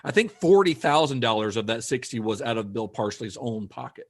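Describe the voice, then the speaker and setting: Podcast host guy telling the backstory, mid-pitched voice, loose and chatty. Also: expressive, a little fast, husky. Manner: conversational storytelling with fillers. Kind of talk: casual chat, recounting history.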